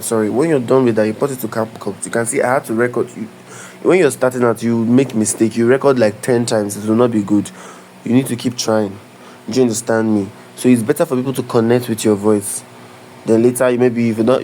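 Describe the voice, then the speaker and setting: A man's voice: mid-range voice, warm tone, a little hiss or hum, low-quality recording. Man teaching, keeps checking you follow. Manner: instructive, keeps asking "do you understand?"; loose, repeats and restarts phrases. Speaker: tutorial creator. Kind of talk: live screen-share tutorial.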